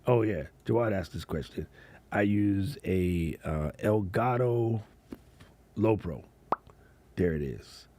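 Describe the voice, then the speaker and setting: A man's voice: lowish voice, animated, slow, long pauses, warm tone. A man hosting a casual livestream chat as a content creator, laid-back and slangy, laughing often.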